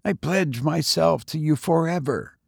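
A man's voice: a little slow, creaky, breathy edge, dry recording, clean studio sound, heavily acted. A man voicing an idealistic young male student who speaks earnestly and urgently. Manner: earnest, high-pitched pleading.

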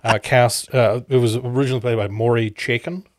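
A man co-hosting a casual movie chat, easygoing and halting as he lays out his picks. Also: mid-range voice, fairly even intonation, no room sound, studio quality. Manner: easygoing, halting, with fillers and restarts. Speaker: podcast co-host.

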